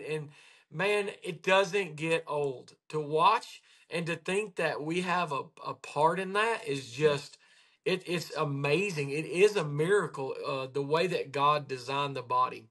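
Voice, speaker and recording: Bright-voiced, animated male host. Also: fairly high pitch, measured pace. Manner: animated storyteller, acts out patients' words. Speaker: podcast host, chiropractor. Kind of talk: casual chat.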